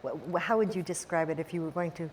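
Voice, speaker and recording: A woman hosting a local TV show, relaxed and casual, with frequent fillers. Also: lowish voice, fast, slight background noise. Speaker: TV show host. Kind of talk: casual TV interview.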